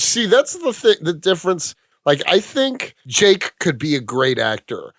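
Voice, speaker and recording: A man's voice: high voice, huge pitch swings, measured pace, a bit bright, dry recording, clean studio sound. A man co-hosting a podcast in casual chat, teasing his friends and laughing often. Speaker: podcast co-host.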